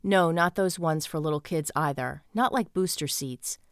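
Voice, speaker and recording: A woman narrating a romance audiobook in the first person with an even, storytelling delivery. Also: sits low, moderate pace, smooth, no room sound, clean studio sound.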